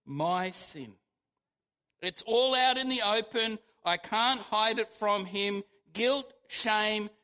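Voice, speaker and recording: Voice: mid-range voice, pushed and bright. A preacher giving a sermon, telling the story animatedly and acting out quotes. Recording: long hall reverb.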